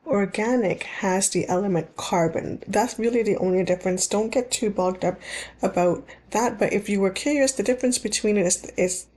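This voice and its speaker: A woman's voice: medium pitch, normal speed, warm tone. A woman teaching dental hygiene in a recorded slide lecture, explaining in plain terms and repeating key points, with frequent ums and restarts.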